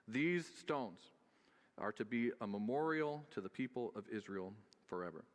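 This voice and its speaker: A man's voice: mid-range voice, lively intonation, moderate pace, in a large hall. A man preaching a sermon as pastor, conversational and joking, with frequent filler sounds.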